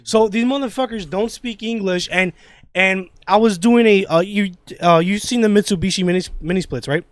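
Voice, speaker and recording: A man with a high voice rants on a casual podcast, swearing freely and restarting his sentences as he goes. The sound is dry and close, with no room around it. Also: moderate pace, no room sound. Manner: profane, rambling rant with many restarts. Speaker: podcast host.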